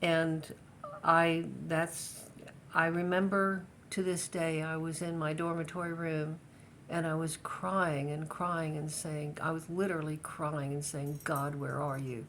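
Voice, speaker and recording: An older woman with a fairly low voice recalls her past in a relaxed family interview. She speaks hesitantly and often restarts her sentences. A faint rumble hums under the recording. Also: measured pace. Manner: hesitant, many restarts and fillers.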